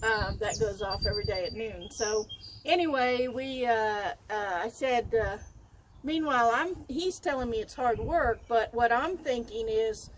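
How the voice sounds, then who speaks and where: An older woman telling a personal story in an interview, lively and laughing often as she acts out dialogue. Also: a little high, a little slow, a little hiss or hum, low-quality recording. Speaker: interview guest, wild animal trainer.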